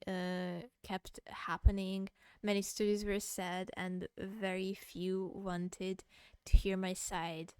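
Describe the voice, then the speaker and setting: A young woman streams her reaction to a post. Her rant is heated and sweary, and she keeps breaking into laughter. Her voice sits at an ordinary middle pitch, recorded close and dry with no room around it. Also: clean tone, no room sound. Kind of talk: casual livestream commentary. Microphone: close mic she bumps.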